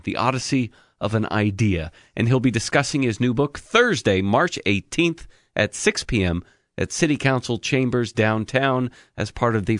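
A man hosting a radio talk show, announcing guests and breaks in a smooth scripted way. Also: medium pitch, dry recording, clean studio sound. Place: radio studio.

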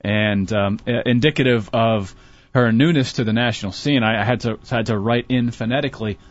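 A man, a professor and author, analysing politics on a radio talk show in a measured way with many fillers. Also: mid-range voice. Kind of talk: casual political discussion. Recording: dull lo-fi radio broadcast.

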